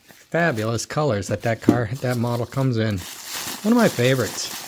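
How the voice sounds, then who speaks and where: A man's voice: medium pitch, animated, moderate pace, a little hiss or hum. A middle-aged man talking casually as he looks through a box of toy cars, chatty and thinking aloud, often repeating his words. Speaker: toy car collector and dealer. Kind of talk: casual unboxing commentary.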